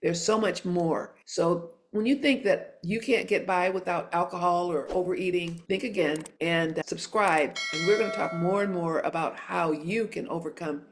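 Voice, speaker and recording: A woman's voice: on the low side, normal speed, few pauses, slight background noise. A middle-aged woman hosting a podcast, telling a personal story in an earnest, emphatic way and repeating key phrases. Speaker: podcast host and coach for lawyers.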